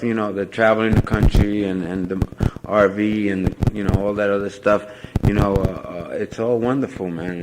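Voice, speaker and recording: A man's voice: low voice, noisy background. A man giving a rambling, self-mocking personal testimony at a convention, full of "you know" fillers. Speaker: speaker sharing recovery story at a convention.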